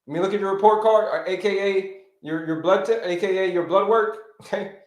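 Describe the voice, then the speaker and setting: A man coaching viewers through a livestream health lesson, with a voice pitched well above most men's. He drives his points home by repeating them and calls out viewers by name. The sound carries a roomy echo. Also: brisk. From United States. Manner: animated teacher, repeats key points, greets viewers by name. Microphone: livestream setup.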